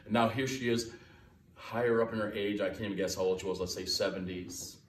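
A man's voice: lowish voice, fairly even intonation, fairly quick, slight background noise. A man preaching a sermon as guest pastor, emphatic and folksy, repeating his key lines for weight. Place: church sanctuary. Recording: echoey church from far off.

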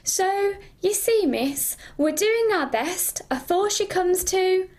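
A woman's voice: extremely high pitch, animated, slow pace, a little mellow, voice pushed up, heavily acted. A woman voicing a nervous, apologetic male playing-card gardener in a storybook reading, with rustic speech. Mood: anxious.

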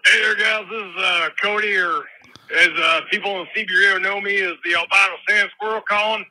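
A man's voice: high voice, fairly even intonation, fairly quick, sharp tone, no room sound, low-quality recording. A man calling in to leave a jokey, laid-back voicemail while driving his car. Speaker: caller. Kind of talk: voicemail message.

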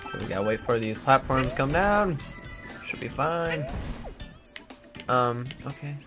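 Male let's play host, unhurried commentary that flares into yelps at the game, game music underneath. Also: medium pitch. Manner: excitable, talks to the game, sudden loud outbursts. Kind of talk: gameplay commentary.

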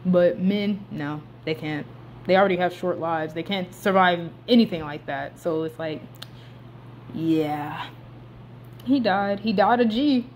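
Excitable young woman recapping a movie. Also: lowish voice, a little slow, a little hiss or hum. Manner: animated, slangy, swings between hushed and loud outbursts.

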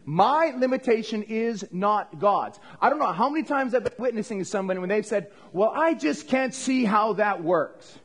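A pastor preaching a sermon in a church, talking conversationally with the congregation and calling for amens. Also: male voice, sits high, expressive, brisk, few pauses, fairly bright tone, breathy edge.

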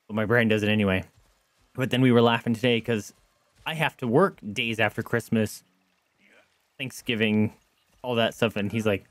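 A young man streaming a game, chatting casually to viewers in a rambling way, with excited yelps and outbursts. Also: lowish voice, moderate pace, dry recording, clean studio sound. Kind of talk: casual gameplay chat to viewers.

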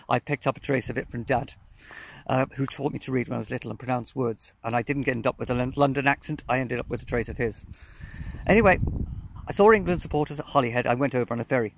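A man's voice: mid-range voice, gravelly, slight background noise. A man chatting on a casual outdoor vlog, telling rambling stories with lots of fillers, recorded on a phone camera out in remote countryside. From Wales. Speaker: cycling vlogger.

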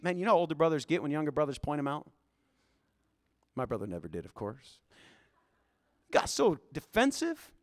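High-voiced male pastor preaching. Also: normal speed, long pauses. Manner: animated, folksy storytelling. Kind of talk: sermon. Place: church.

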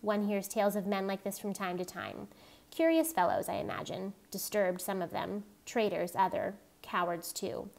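A woman reading aloud voices a stern, coldly menacing middle-aged male commandant with a deep, measured, cutting manner. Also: vocal fry, darkish tone, lightly acted.

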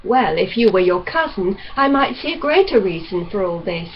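A calm young doctor, voiced by a woman reader, talks in a measured, reasonable tone, coaxing rather than pushing. The mid-range voice comes through a dull recording with faint hiss behind it. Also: medium pitch.

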